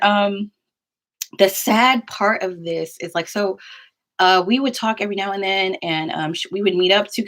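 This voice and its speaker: A young woman casually telling a personal story to camera, chatty and full of "like" fillers and quick asides. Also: mid-range voice, a bit bright. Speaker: vlogger.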